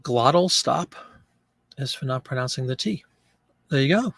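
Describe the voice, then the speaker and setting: A man's voice: mid-range voice, animated, normal speed, vocal fry, a bit bright, no echo. A man hosting a live selling stream, chatting casually and joking as he reads viewer comments aloud.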